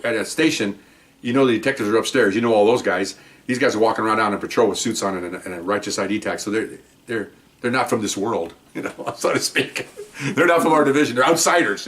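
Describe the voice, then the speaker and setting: An older man who is a retired police officer, casually telling a story to the camera and acting out what people said. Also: mid-range voice. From Mexican-American background. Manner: animated, acts out quotes, frequent "okay?" asides.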